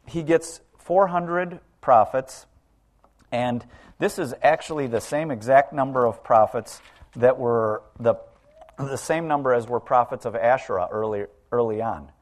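A man preaching to his congregation in a relaxed, conversational sermon. He often stops to put rhetorical questions to his listeners. His voice sits at a middle pitch for a man. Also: a little slow.

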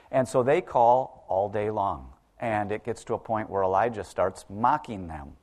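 A man's voice: medium pitch, animated, fairly quick. A man preaching a sermon in a conversational way, often asking the congregation rhetorical questions.

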